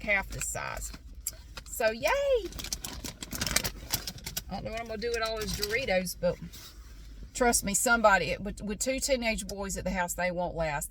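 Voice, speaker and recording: A woman's voice: on the high side, a bit bright. A middle-aged woman telling a casual vlog story, chatty and exasperated, ranting and swearing freely. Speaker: vlogger.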